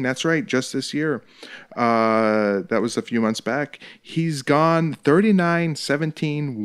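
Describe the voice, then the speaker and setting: A man's voice: mid-range voice, smooth. A man in his thirties, the show host, giving casual, joking fight commentary with lots of swearing and laughter. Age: 30s. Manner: joking, profane, laughs often.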